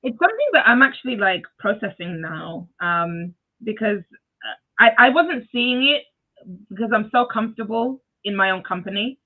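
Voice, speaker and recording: Soft-voiced woman on a call. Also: mid-range voice, lively intonation, normal speed. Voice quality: soft voice that cannot be raised. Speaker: guest. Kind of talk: casual conversation. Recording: phone-like video call audio.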